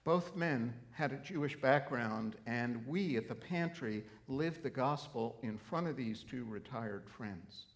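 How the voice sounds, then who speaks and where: A middle-aged man preaching a sermon, telling a story earnestly and then rising into emphatic, animated preaching. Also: mid-range voice, unhurried, few pauses. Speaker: pastor.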